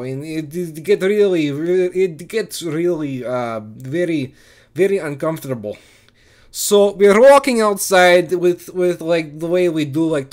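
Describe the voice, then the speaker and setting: A young man telling an absurd comedy story in a rambling, profane, deadpan way. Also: a little high. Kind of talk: improvised absurd comedy monologue.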